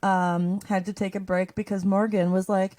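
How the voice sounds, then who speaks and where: A woman's voice: mid-range voice, level tone, normal speed, a little mellow. A woman co-hosting a podcast in a home attic. She chats loosely, with frequent fillers and laughter. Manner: chatty, giggly, rambling with fillers. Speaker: podcast co-host. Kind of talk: casual chat with laughter.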